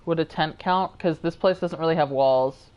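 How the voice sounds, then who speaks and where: A woman's voice: sits low, normal speed, darkish tone, lo-fi sound. A tired woman streamer chatting casually and rambling to her viewers while she plays a game. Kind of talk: casual live-stream chat.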